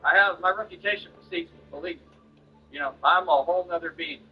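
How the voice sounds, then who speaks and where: A man's voice: on the high side, fast talker, dull audio, soft background music. A man streaming while he delivers a confrontational, boastful rant at an online critic.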